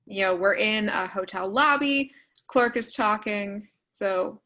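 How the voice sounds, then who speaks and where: A woman leads an online writing workshop and talks through examples in a relaxed, conversational way. She uses plenty of fillers and quick asides as she goes. The sound comes through like a video call. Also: medium pitch, poor audio. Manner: casual, filler-heavy explaining with quick asides. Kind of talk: online class walkthrough.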